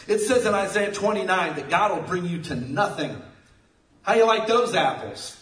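A man preaches a sermon in a lively, fairly high voice that rises and falls widely. He tells jokey stories and breaks into sudden loud bursts. He sounds some way from the mic, with the echo of a roomy church hall around him. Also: moderate pace. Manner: animated, jokey storytelling with sudden loud outbursts. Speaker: pastor. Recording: echoey room, mic at a distance.

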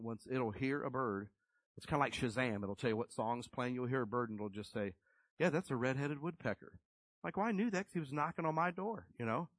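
A man's voice: mid-range voice, dry recording, low-quality recording. A middle-aged man preaching a sermon in a conversational, emphatic storytelling way.

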